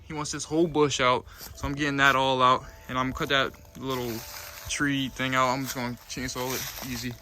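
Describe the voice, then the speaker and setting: A man's voice: mid-range voice, flat delivery, a little fast, pushed and bright. Guy rambling thru a yard cleanup on his phone, bit winded, noisy outdoor sound. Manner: loose and rambling, lots of fillers. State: a little out of breath. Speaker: landscaping business owner vlogging a job. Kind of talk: casual vlog walkthrough. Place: outdoor backyard. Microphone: phone camera.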